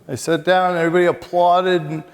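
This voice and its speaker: Chatty priest telling stories in a reverberant church. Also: male voice, high voice, flat delivery, quick pace. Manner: chatty, self-mocking, with asides and comic timing. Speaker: Catholic monk and priest giving a retreat talk. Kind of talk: humorous storytelling retreat talk. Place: church hall before a live audience.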